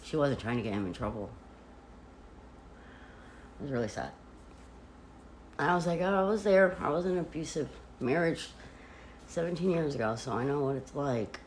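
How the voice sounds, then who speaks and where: A woman vlogger chatting casually from a hotel room, retelling events in an animated way with lots of "like.". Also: a bass voice, moderate pace, pauses often, slight background noise. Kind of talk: casual storytelling.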